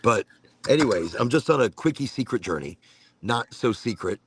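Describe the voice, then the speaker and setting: An American man hosting a casual chat show, rambling and animated, cursing offhandedly as he talks. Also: medium pitch, moderate pace, breathy edge. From United States. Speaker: podcast host.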